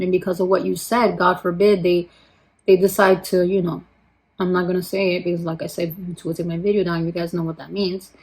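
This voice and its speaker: A woman beauty vlogger chatting casually as she applies makeup, stressing her points with slow repetition and dropping to a quiet murmur when she turns to her products. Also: mid-range voice, poor audio. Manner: emphatic, repeats points, slows down for emphasis. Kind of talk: casual chat while doing makeup.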